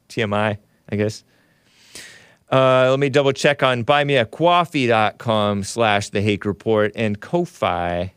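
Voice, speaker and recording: A man's voice: lowish voice, clean tone, dry recording, studio quality. A man hosting a live call-in stream, reading viewer messages in casual talk, often laughing, sighing and groaning in disgust. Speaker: show host reading super chats.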